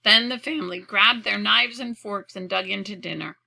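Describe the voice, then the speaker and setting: A woman reading a children's storybook aloud, clearly and expressively. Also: medium pitch, normal speed, sharp tone, poor audio. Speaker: audiobook reader.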